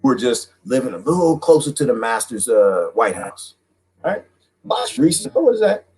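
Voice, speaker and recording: Husky guy ranting on his stream, kinda losing his voice, laughing and mocking a lot. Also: mid-range voice, very animated, moderate pace, darkish tone, poor audio. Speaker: livestream host reading viewer comments. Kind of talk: casual livestream monologue.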